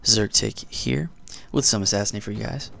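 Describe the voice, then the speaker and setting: Gravelly low-voiced man with morning voice. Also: moderate pace, bright, forceful tone. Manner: rambling, chatty, self-joking. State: just-woken morning voice. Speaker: gaming commentator. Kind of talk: casual gameplay commentary.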